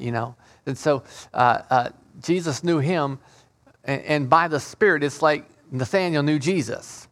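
Guy doing a casual bible study, reads the old king james verses then explains, keeps restarting and repeating words, mid-pitched voice. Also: a bit bright. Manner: reads scripture aloud in King James wording. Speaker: Bible teacher. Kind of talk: informal Bible study teaching.

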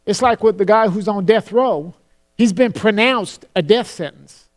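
High-voiced man preaching a sermon. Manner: earnest preaching with slowed, solemn scripture quotes; repeats words when starting a phrase.

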